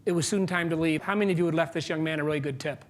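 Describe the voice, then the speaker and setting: A man giving a motivational speech on stage, telling a story and acting out both sides of a conversation, with sudden drops to a hush and jumps to loud. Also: a little high. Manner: animated storytelling, acts out dialogue, big swings between loud and quiet; asks the audience questions and pauses for punchlines. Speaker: keynote speaker and author. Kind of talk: motivational speech to a live audience. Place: stage before a large audience.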